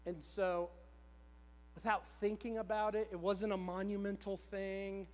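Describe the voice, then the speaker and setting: High-voiced preacher man in a reverberant church. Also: flat delivery, a little slow. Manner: conversational, repetitive, self-deprecating. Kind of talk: storytelling sermon. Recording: long church hall reverb.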